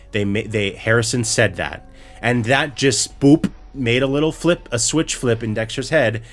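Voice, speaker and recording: A man co-hosting a podcast, recapping a show in a profane, exasperated rant full of restarts. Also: lowish voice. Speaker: podcast co-host.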